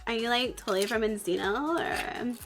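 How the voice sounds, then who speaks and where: A woman's voice: fairly high pitch, moderate pace, faint music behind. A young woman from the Bay Area with a Northern Californian accent, chatting casually and giggling on a livestream, with lots of "like". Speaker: streamer.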